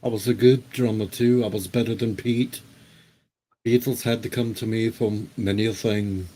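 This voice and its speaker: Low-voiced man in joking radio banter. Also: steady tone, normal speed, dark tone, rough recording. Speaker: radio show host. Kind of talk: casual on-air chat.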